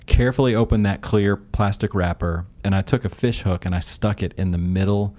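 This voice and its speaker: A man co-hosting a casual faith podcast in a studio, telling a story with animated quoted voices. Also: on the low side, a little fast. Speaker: podcast co-host.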